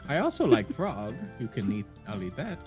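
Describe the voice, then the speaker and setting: A man's voice: medium pitch, very animated, normal speed, a little mellow, soft background music. Goofy man at a tabletop game. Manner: goofy, playful. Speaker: game player. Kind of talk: casual game table chat.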